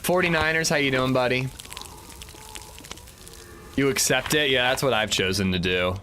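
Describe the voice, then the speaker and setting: A young man talks casually over his gameplay livestream, rambling and restarting his sentences as he goes. His voice is bright and forward at a middle pitch, with a faint hiss of noise behind it. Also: moderate pace. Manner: chatty and rambling, frequent restarts and fillers. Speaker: streamer.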